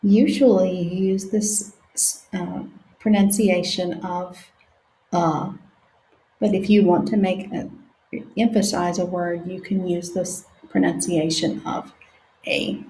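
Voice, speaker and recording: Slow, patient woman teaching phonics. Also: lowish voice, fairly even intonation, warm tone. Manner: slow, sounds words out letter by letter. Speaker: reading teacher. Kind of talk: slow phonics lesson for young children. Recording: echoey room.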